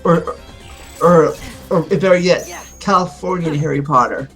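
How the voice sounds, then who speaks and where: A man's voice: on the high side, unhurried, a bit bright, soft background music. A man joining as a guest on a let's play, chatting casually and filling his talk with "like". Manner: chatty, filler-heavy with many "like"s. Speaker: guest co-commentator. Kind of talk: casual chat over gameplay.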